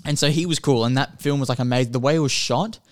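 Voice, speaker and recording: This podcast co-host, a man with a medium-pitched voice, talks quickly as he recounts a film's story in a loose, rambling style stuffed with filler words. The recording is dry and clean, with studio sound.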